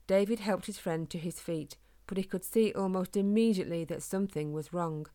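A woman reading a children's storybook aloud in a calm, gentle, steady way. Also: medium pitch, normal speed, few pauses. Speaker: narrator.

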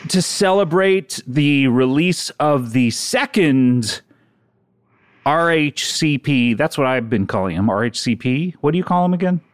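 A man co-hosting a podcast, talking in an animated, mock-serious way and laughing often. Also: fairly high pitch, measured pace, dry recording. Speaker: podcast co-host. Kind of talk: casual comedic chat.

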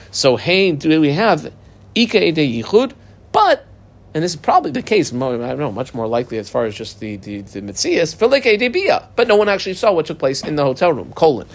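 A man teaching a Talmud page, reading the Aramaic text aloud and explaining it in casual, lively English. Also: on the high side.

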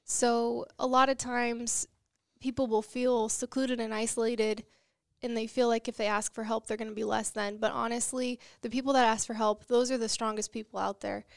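A woman's voice: fairly high pitch, level tone, moderate pace, creaky, no room sound, clean studio sound. A young woman, a guest in an interview, speaking earnestly and telling motivational stories. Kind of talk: interview conversation.

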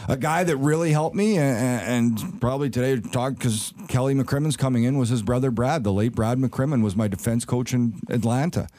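A middle-aged man, a former player turned hockey analyst, telling animated anecdotes in a sports panel chat. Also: medium pitch, normal speed, hardly any pauses.

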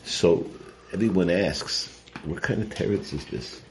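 A man's voice: sits low, measured pace. A man teaching a weekly Torah portion class, earnest and explanatory, often restarting and repeating his words. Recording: noisy recording.

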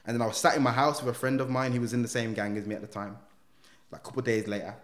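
A man, a guest in a podcast interview, telling his life story in street slang with lively quoted dialogue. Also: medium pitch, racing. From England. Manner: street slang, animated retelling with acted quotes. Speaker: guest, reformed gang member.

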